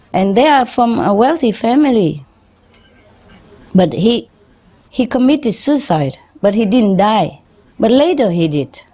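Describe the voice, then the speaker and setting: Woman, teacher type, chatty halting storytelling to a group, giggles here and there. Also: medium pitch. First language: Vietnamese. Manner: halting, informal, often laughing softly. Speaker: spiritual teacher. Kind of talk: personal storytelling to an audience.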